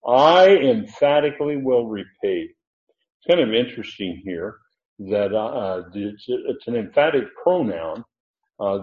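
A man teaching scripture to a congregation, chatty and thinking aloud, stumbling over restarts and fillers. His voice comes through thin and phone-like, with an echo from the large room around him. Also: fairly low pitch. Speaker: Bible teacher. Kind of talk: verse-by-verse Bible teaching. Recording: echoey room, phone-like narrow sound.

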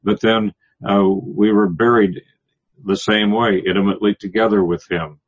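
A man teaching a Bible passage verse by verse, pausing often and restarting, explaining the Greek words. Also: fairly low pitch, steady tone, slightly rough, highs cut off. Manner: halting, many restarts and fillers, explains Greek word by word. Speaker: preacher.

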